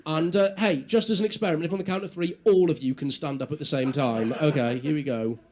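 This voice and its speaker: A man doing live stand-up comedy, telling a story with animated asides and talking directly to the audience. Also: fairly high pitch, fast, slight background noise. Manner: animated, acts out inner voices, audience asides.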